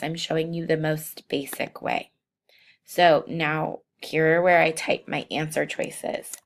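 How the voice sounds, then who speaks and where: A woman walking through software steps in a screencast tutorial, unhurried and thinking aloud with frequent ums. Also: deep voice, gravelly. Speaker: teacher demonstrating software.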